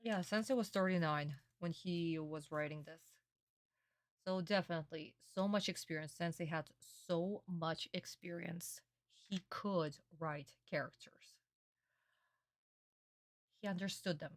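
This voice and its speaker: Young woman streaming reactions, excitable, cusses, kinda low voice. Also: measured pace, no room sound. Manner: excitable, gushing, swears often.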